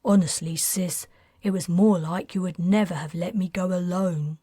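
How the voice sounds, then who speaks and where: A woman's voice: fairly low pitch, fairly even intonation, normal speed, dark tone, husky, dry recording, studio quality. A woman reading an earnest, defensive teenage boy who explains his plans at length, in a storybook.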